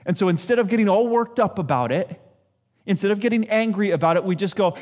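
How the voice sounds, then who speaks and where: A pastor's sermon comes across as casual and self-mocking, with him acting out people's remarks. His voice sits high and is a little mellow, and he talks at a quick pace.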